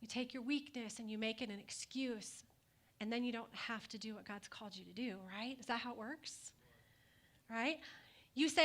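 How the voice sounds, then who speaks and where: High, bright-voiced woman pastor preaching. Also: steady tone, moderate pace. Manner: conversational, asks the congregation rhetorical questions with light humor. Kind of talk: sermon.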